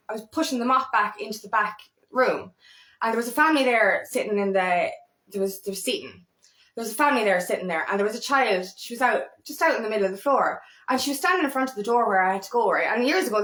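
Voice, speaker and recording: Woman, 30s, high voice, rambling and sweary coach, echoey room. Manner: rambling, animated, frequent swearing. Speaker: feminine empowerment coach. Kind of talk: casual monologue.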